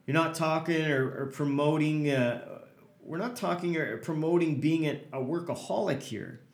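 A man's voice: a little high, normal speed, gravelly, echoey room. A man hosting a motivational podcast as a hockey coach, talking earnestly and hammering points home with repeated lists.

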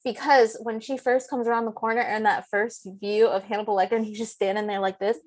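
Woman, podcast co-host, casual chat, fairly high pitch, giggly, expressive. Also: fast talker. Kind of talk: casual film-discussion chat.

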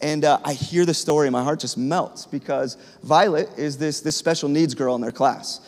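A pastor in his thirties preaches a sermon to his congregation in a conversational, storytelling style. His voice is a little high and his pace moderate, with the long reverb of a large hall around him.

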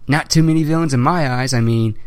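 A man's voice: mid-range voice, fairly quick, smooth, dry recording. A man hosting a podcast, chatting casually and ranting in a rambling way, with swearing. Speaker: podcast host.

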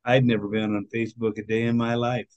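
A man talks in an earnest, indignant way, pausing often on fillers as he makes his case. His voice sits at an ordinary pitch. The recording is dry and a bit dull, with no room sound. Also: little pitch movement, darkish tone, no room sound. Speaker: podcast guest, author and activist. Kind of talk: conversational interview.

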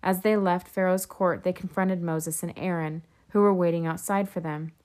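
A woman reading scripture aloud in a steady, measured way. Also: lowish voice. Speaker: scripture reader.

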